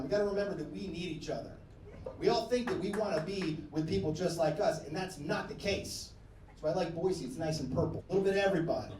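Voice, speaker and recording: A man's voice: on the high side, fast talker, darkish tone, far from the mic. A man performing a stand-up comedy set, loose and profane, riffing over crowd laughter. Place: comedy club stage. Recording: echoey venue, mic heard from afar, noisy.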